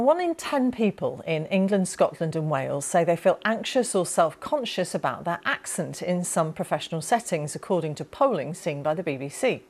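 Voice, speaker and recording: A woman presenting the news in a measured, brisk way with the odd filler. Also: lowish voice.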